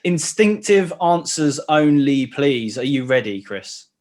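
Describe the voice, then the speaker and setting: Male host, higher voice, cheeky and teasing with guests. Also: big pitch swings, takes it slowly, a little mellow. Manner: playful, teasing, laughs often. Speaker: podcast host. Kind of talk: casual interview hosting.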